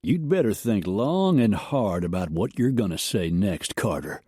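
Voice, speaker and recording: A man doing a gruff, firm ranch foreman. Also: lowish voice, animated, unhurried, dark tone, no room sound, clean studio sound.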